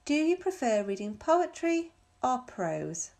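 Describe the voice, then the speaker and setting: A woman on textbook audio, carefully reading out example questions with clear, marked intonation. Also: high-pitched, very animated, takes it slowly, a little mellow. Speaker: recorded audio speaker.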